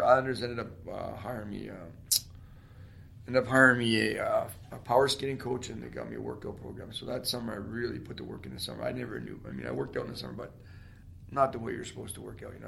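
Brief: forties Canadian man, a guest spinning lively stories, rough and edgy in tone. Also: medium pitch, slight background noise. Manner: animated storyteller, shouts out quoted lines. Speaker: guest, former pro hockey player. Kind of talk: storytelling interview.

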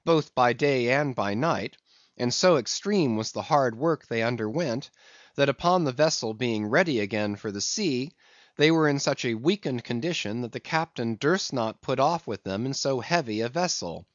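Male audiobook narrator, plain steady reading, dry muffled recording. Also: mid-range voice, normal speed, no echo. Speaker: audiobook reader. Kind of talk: scripted narration.

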